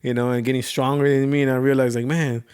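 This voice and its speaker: A man talking as a podcast guest in a relaxed, laid-back casual chat. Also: mid-range voice, fast, smooth.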